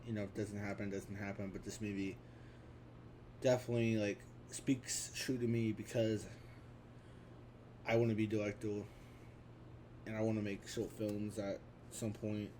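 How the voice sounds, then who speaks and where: A man's voice: fairly low pitch, little pitch movement, normal speed, pauses often, dark tone, slight background noise. A man in his twenties talking casually and offhandedly through his film collection, with frequent restarts and fillers. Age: 20s. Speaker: vlogger.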